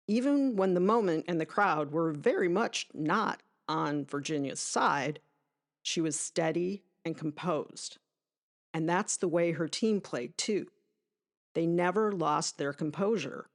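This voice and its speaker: A woman hosting a podcast, reading a scripted sports monologue in a conversational, emphatic way with asides to the listener. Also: deep voice. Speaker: podcast host.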